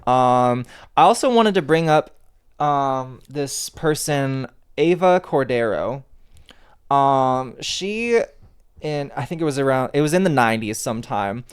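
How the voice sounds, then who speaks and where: Smooth-voiced laid-back man chatting. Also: medium pitch, lively intonation, measured pace. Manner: laid-back, profane, laughs often, says "dude" a lot. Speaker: podcast co-host. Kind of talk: casual podcast chat. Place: own bedroom at home.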